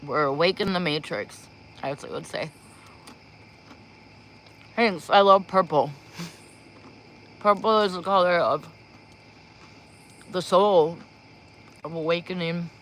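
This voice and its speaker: A woman with a fairly low, slightly bright voice speaks slowly on a livestream, rambling and giggling in casual chat ahead of spiritual readings. She talks into a propped-up phone set up in a small room.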